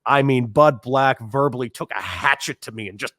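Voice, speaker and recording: A man in his thirties, a former ball player, telling stories in a casual interview, animated and laughing. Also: mid-range voice, moderate pace, dry recording, studio quality. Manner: animated storyteller, acts out quoted voices, laughs often.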